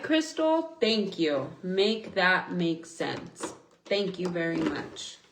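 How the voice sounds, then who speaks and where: In a reverberant space, a young woman with a voice on the low side hosts a livestream, answering viewer comments casually while venting her anger and swearing frequently.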